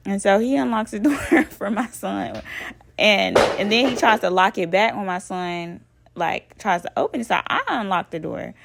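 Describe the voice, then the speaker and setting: Gravelly woman telling a story. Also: mid-range voice, moderate pace, dry recording. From Alabama. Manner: animated, profane, addresses listeners as y'all. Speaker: vlogger. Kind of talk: casual personal storytelling.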